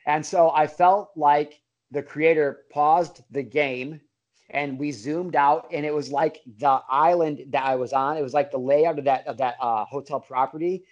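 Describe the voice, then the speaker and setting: A man's voice: fairly high pitch, fairly even intonation, unhurried. A middle-aged man, a podcast guest, telling a story in a casual way, full of bro slang, fillers and restarts. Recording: dull lo-fi audio.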